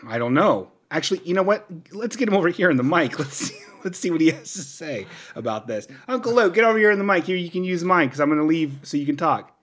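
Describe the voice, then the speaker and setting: A man's voice: a little high, animated, fast, hardly any pauses, husky. A man co-hosting a comedy podcast, bantering in a playful, jokey way. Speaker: podcast co-host. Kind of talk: comedic casual chat.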